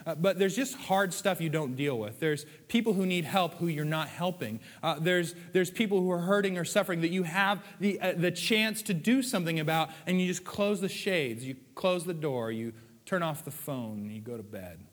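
A man's voice: on the high side, normal speed, long reverb tail. A man preaching a sermon in a conversational way, with playful acted asides. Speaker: pastor.

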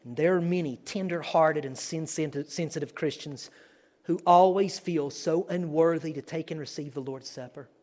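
A man's voice: a little high, moderate pace, a little mellow. A man preaching as a guest, earnest and building to emphatic declarations. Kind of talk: sermon.

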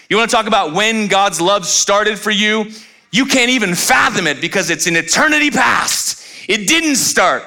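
A man preaching a sermon, moving from animated rhetorical questions to hushed, slow scripture reading. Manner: expressive preaching, swinging from loud animated peaks to quiet low passages; conversational asides and rhetorical questions. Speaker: pastor.

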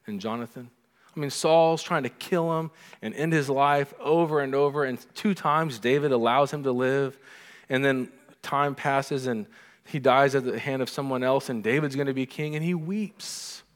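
A middle-aged man preaching a sermon as pastor, animated, acting out the lines he quotes. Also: mid-range voice, normal speed. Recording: long reverb of a hall.

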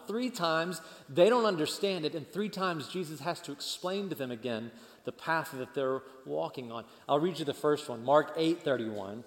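A man preaching a sermon as pastor, animated and leading the congregation in call-and-response. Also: fairly high pitch, normal speed. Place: church. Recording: long church hall reverb.

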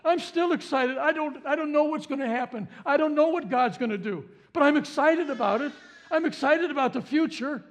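A man preaching a sermon as pastor, impassioned, repeating his phrases and jumping to sharp exclamations. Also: very high voice, fairly quick, hardly any pauses.

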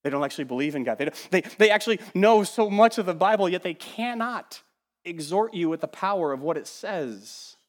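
A man preaches a sermon in a slightly high voice. He is animated and emphatic, repeats words to build his points, and drops to quiet asides. His voice carries a long reverb, like a big church hall. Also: brisk. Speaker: pastor.

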